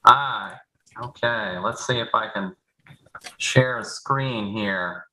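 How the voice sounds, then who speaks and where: A man joining by remote call, presenting a plan at a town board meeting in a clear, orderly way from prepared notes. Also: on the low side, takes it slowly, bright, forceful tone, a little hiss or hum, poor audio.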